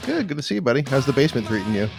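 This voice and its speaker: A man's voice: medium pitch, very animated, very fast, vocal fry. A man hosting a music podcast, chatting loosely and joking with a friend over a remote call. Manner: laid-back, joking, swears casually. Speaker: podcast host. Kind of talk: casual chat. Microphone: headphones and mic on a video call.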